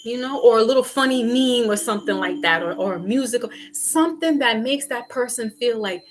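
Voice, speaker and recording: A woman vlogger giving a casual spiritual pep talk in an animated, slangy way, acting out little quoted exchanges. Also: a little high, fairly quick.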